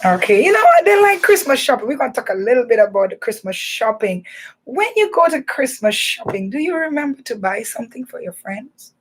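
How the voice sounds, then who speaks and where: A woman hosting a radio show for children, talking in a playful, animated way. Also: fairly high pitch, brisk, slightly rough. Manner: animated, playful, laughing and teasing. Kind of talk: lively children's radio chat.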